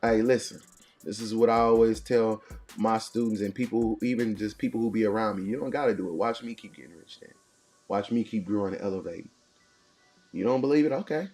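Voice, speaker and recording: A man's voice: lowish voice, a little fast, a little mellow, soft background music. A man hosting a morning motivation show, preaching in punchy, repeated lines. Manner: preachy, punchy call-and-response cadence. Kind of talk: motivational talk.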